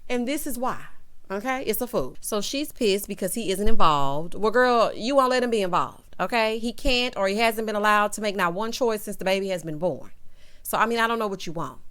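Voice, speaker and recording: Woman w/ doing a sassy tv recap, animated, talking right to viewers. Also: medium pitch, fairly quick. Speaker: TV recap vlogger. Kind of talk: casual opinionated recap.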